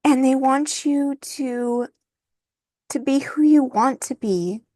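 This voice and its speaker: A woman giving an intuitive tarot reading, soft-spoken and emotional, thinking aloud as she turns the cards. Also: high voice, slow, dry recording. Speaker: tarot reader.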